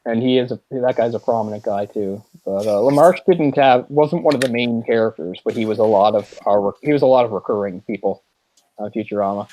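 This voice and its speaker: A man's voice: fairly low pitch, brisk, warm tone, slight background noise. A man co-hosting a film podcast, chatting casually and rambling with frequent restarts. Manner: rambling, many restarts and fillers. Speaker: podcast co-host.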